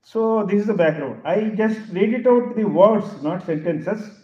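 A man's voice: sits high, measured pace, echoey room, lo-fi sound. A man giving a lecture as a professor, speaking emphatically and repeating key phrases for stress. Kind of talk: public lecture.

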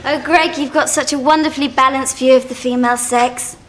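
An actress playing a dry, sarcastic young barmaid in a sitcom, speaking deadpan. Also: female voice, high-pitched, brisk, noisy background, natural voice. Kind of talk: sitcom acting.

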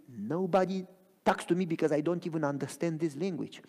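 A man preaching a sermon in a church, dramatic, swinging from loud cries to near whispers and asking the congregation if they follow him. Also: fairly high pitch, fairly quick. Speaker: pastor. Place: church sanctuary. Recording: long reverb of a church hall.

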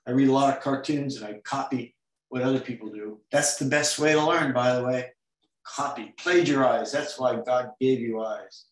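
Playful man, mid-pitched, teaching comics over a video call, adds silly noises while drawing, echoey room. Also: normal speed. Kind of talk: online drawing lesson.

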